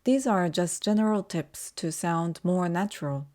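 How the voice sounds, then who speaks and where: Mellow-voiced woman teaching pronunciation. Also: lowish voice, animated. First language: Japanese. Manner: slow, careful demonstration of sounds. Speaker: language teacher. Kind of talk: pronunciation lesson.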